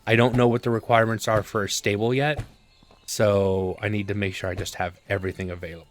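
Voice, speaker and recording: A man casually commenting on his gameplay, thinking aloud with relaxed fillers. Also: on the low side, quick pace. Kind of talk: casual let's-play commentary.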